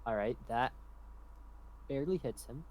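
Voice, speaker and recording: A man narrating as game master for a streamed tabletop game, calm and measured, with dry jokes. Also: medium pitch, poor audio.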